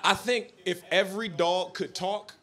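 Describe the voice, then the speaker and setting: A man performing a stand-up comedy set on a club stage, swinging from quiet asides to shouted punchlines. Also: high voice, unhurried. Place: comedy club stage before a laughing audience. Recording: live club recording with audience noise.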